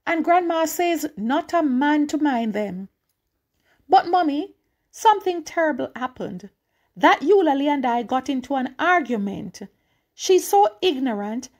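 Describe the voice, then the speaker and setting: A woman reading a short story aloud in a childlike, pleading first-person telling. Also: high-pitched. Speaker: reader.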